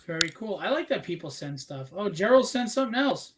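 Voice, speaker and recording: Male live-stream host, slightly high voice, talkative, casual and upbeat. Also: very animated, brisk, noisy background. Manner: chatty and upbeat, self-mocking. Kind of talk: casual chat.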